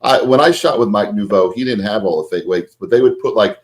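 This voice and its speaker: Podcast co-host, middle-aged man, very low voice, easygoing. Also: brisk. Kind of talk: casual chat.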